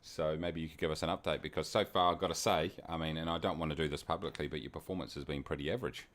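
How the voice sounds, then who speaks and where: A man's voice: extremely low pitch, fairly even intonation, quick pace, a bit bright. A man with a New Zealand accent, hosting a flight-sim live stream in casual, jokey chat and greeting viewers by name. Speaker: flight sim livestream host.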